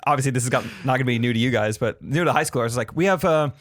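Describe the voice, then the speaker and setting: A man's voice: medium pitch, rapid-fire. A young man co-hosting a casual podcast, recounting a story with enthusiasm. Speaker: podcast co-host. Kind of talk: casual chat.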